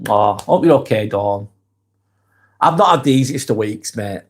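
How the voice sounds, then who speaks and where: Lancashire man hosting a live vlog, chatty and unhurried, lots of ums, sounds tired; read comments and reply warmly. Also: mid-range voice. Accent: Lancashire English. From England. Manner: reads comments aloud and answers in a relaxed, chatty way with many ums and restarts. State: fatigued. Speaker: live-stream host. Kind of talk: casual live-stream chat reading comments.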